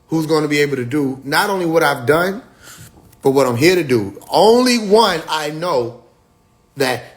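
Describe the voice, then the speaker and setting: A man, talking loose and emphatic in a livestream monologue, full of profane slang, racing ahead in bursts and then drawing words out. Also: a little high. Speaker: livestream host.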